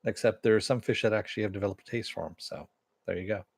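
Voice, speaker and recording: Low-voiced man rambling through a review. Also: fairly even intonation, fast talker, creaky, slightly rough, dry recording. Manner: rambling, many fillers, chuckles often. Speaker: TV show reviewer. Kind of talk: casual recap and review, reading chat comments.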